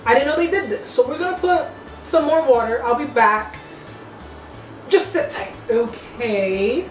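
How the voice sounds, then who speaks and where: Young woman rambling while she cooks, kinda high voice, roomy echoey kitchen. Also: expressive, a little slow. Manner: chatty, playful, slangy, talks to viewers. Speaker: cooking vlogger. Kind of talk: casual cooking vlog. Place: home kitchen. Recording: echoey kitchen, mic at a distance. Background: music playing.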